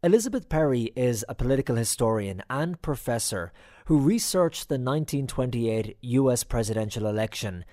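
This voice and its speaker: A male host narrates from a script in an even, steady tone. His voice is mid-pitched and plain. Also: moderate pace.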